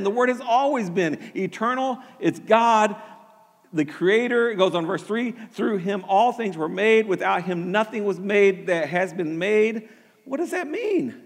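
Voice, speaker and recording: A man's voice: high-pitched, long reverb tail. A man preaching a sermon with earnest energy, often repeating words as he starts a thought and building to emphatic peaks. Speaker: pastor.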